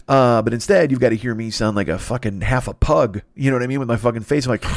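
A man's voice: lowish voice, no room sound, clean studio sound. A man hosting a podcast alone, rambling in a profane, self-deprecating way, tired and a little stuffed up. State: stuffy nose, tired and yawning. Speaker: podcast host. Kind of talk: solo rambling monologue.

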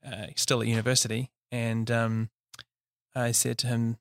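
Gravelly New Zealand man, flat delivery. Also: medium pitch, moderate pace, no echo, clean studio sound. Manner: relaxed, laughs easily, many fillers. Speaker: company founder, guest. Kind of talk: casual interview.

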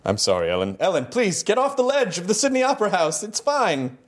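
A man's voice: high voice, wildly swooping pitch, brisk. A man hosting a casual interview, bantering playfully and making jokes. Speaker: talk show host.

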